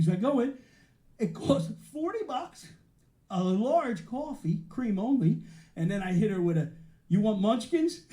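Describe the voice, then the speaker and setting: A man with a very high-pitched, somewhat dark voice tells stories as stand-up with punchy delivery, tagging his lines with "right?" The live comedy show takes place in a community arts center, and the room sounds echoey.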